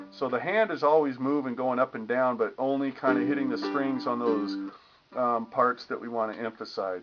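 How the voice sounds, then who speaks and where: A man's voice: mid-range voice, brisk. A man giving a casual guitar lesson, explaining strumming patterns and humming the rhythms as he demonstrates. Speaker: guitar teacher. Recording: lo-fi with guitar playing.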